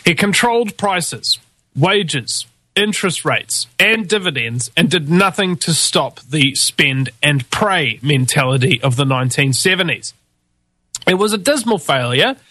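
A forceful, bright-voiced man with a New Zealand accent rants with open scorn. He drops to a low mutter, then leaps up into high, mocking shouts. The recording is close and dry, with no room sound. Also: lively intonation, unhurried, dry recording. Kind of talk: ranting monologue.

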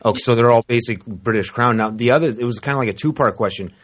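A man hosting a casual talk radio show, speaking in a loose, halting, conversational way. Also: mid-range voice. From Canada.

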